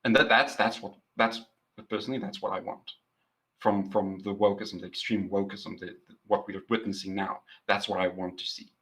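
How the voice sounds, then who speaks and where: A man with a fairly low voice and a bright, forceful edge, talking casually on a podcast. He laughs often and doubles his words as he gets going. His tone is loose and conversational. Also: flat delivery, normal speed, breathy edge, poor audio. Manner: laughs often, repeats words when starting. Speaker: podcast co-host. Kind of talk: casual chat.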